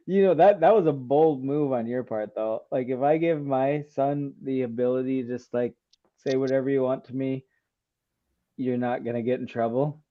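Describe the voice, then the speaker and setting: A man's voice: mid-range voice, normal speed. A man in his thirties chatting casually as co-host, laughing often and riffing with jokes. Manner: laughs often, jokey reactions. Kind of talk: casual chat. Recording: dull lo-fi sound.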